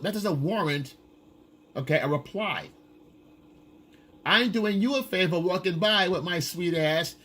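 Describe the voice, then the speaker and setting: Husky guy lecturing on dating, blunt and swears a lot, kinda high voice. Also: a bit bright. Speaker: dating coach. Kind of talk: casual coaching monologue.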